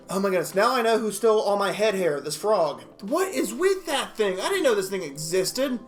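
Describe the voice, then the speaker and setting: A man reacting to animal clips in a jokey, excitable way, reading facts aloud, often laughing and stumbling over words. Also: sits high, moderate pace, faint music behind. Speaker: video reactor.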